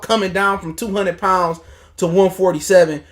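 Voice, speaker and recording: A man's voice: high voice, fairly even intonation, normal speed. A man hosting a casual boxing livestream, ranting in a heated, profane, mocking way. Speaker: boxing talk show host.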